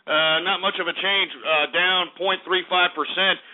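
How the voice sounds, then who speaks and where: A man hosting a radio market report, loud and crude, swearing and ranting at his listeners between stock figures. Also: high-pitched, fairly even intonation, a little slow. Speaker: radio show host. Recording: tinny phone-like lo-fi audio.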